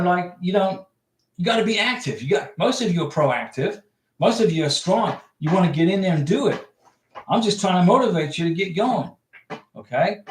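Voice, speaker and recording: Blunt high-voiced man coaching viewers. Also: echoey room. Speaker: livestream host giving visa advice. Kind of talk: casual livestream chat reading viewer comments.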